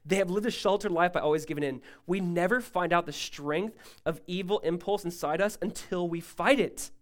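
A male pastor preaching a sermon, emphatic and rising loud, then dropping to a hushed tone, often asking listeners to follow along. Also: high-pitched, moderate pace. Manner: asks the congregation to follow along.

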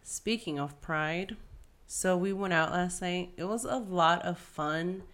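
A low-pitched woman around thirty in a relaxed podcast chat. She swears freely and plays out both sides of her story. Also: slow. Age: 30s. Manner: profane, storytelling, often quoting herself. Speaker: podcast co-host. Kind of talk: casual chat.

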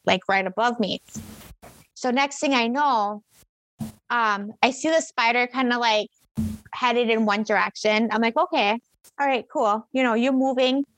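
A woman co-hosting a casual chat, telling a story in a rambling, animated way with many fillers and restarts. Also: fairly high pitch, no echo.

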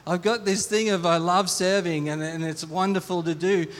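A middle-aged man with a slightly high voice gives a heartfelt testimony from the pulpit. He stumbles and restarts often, repeating words as he searches for them. His voice rings with the long reverb of a church hall. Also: steady tone. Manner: earnest, halting, with frequent restarts and repeated words. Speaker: preacher. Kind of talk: sermon, personal testimony.

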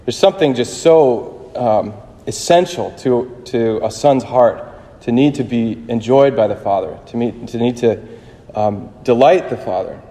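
A man's voice: mid-range voice, mellow. Man preaching in an echoing chapel. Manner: conversational, halting, with fillers and restarts. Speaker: priest. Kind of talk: sermon. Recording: long chapel reverb.

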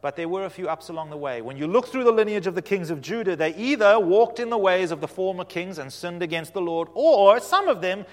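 A man preaching with lively storytelling, his voice sitting a little high for a man. It moves between loud declarations and quiet asides, and a long hall reverb trails every phrase. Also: fairly quick, hardly any pauses. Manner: animated storytelling, swinging from loud to hushed. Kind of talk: sermon.

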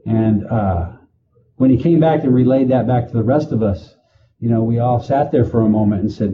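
A man working in prison administration, answering interview questions slowly with many pauses and fillers. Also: mid-range voice, lo-fi sound, crowd noise. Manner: slow, halting, with many fillers.

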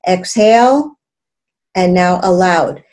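Woman, meditation teacher, calm and measured, mellow voice, soft mantra chanting. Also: on the low side. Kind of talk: guided meditation instruction.

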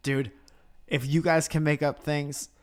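A man's voice: on the high side, flat delivery, a little slow. A man co-hosting a casual chat show at home, telling jokey rambling stories. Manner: joking, rambling storyteller. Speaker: podcast co-host. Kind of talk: casual banter. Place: home in Los Angeles.

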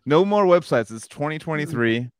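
A man's voice: a little high, expressive, moderate pace, clean tone, no echo, studio quality. A man from California co-hosting a podcast, laid-back, laughing often and swearing a lot in casual chat. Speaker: podcast co-host. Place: podcast studio. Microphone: studio mic.

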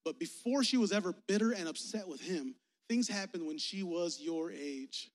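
A man's voice: high voice, lively intonation, normal speed. A man, a youth pastor, preaching a personal, conversational sermon, candid and emotional, talking straight to the crowd. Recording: long hall reverb.

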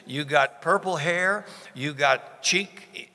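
A man preaches in a bright, forceful voice with folksy emphasis, hammering repeated words for effect. His tone sits a little high for a man. The sound carries the long reverb of a church sanctuary. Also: slow, gravelly. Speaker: pastor. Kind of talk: sermon.

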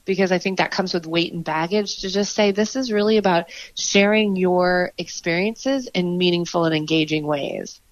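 A woman's voice: on the low side, normal speed, few pauses, no room sound, muffled recording. A woman improv performer as a podcast guest, talking in an earnest, reflective way with frequent fillers and restarts. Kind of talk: conversational interview.

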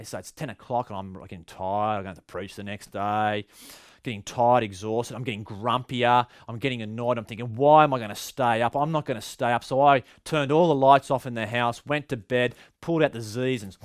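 A man's voice: mid-range voice, smooth, no room sound. Man, Australian accent, pastor's sermon, chatty storytelling, dry close sound. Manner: conversational, animated storytelling with many restarts.

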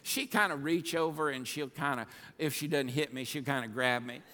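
A man preaching a sermon as pastor, fired up and swinging between quiet asides and shouting. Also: medium pitch, moderate pace. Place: church sanctuary. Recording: long hall reverb.

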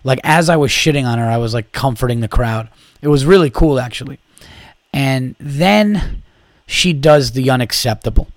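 A man's voice: medium pitch, normal speed, dry recording, studio quality. A man, a comedian and podcast host, telling a story casually with profanity and plenty of "like" and false starts. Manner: profane, rambling, lots of "like" and restarts.

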